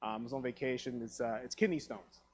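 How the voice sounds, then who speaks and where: Performing a stand-up set on a theatre stage, a Taiwanese man tells animated stories and imitates other people's voices. He speaks quickly in a mid-range voice, with a little hiss or hum on the recording.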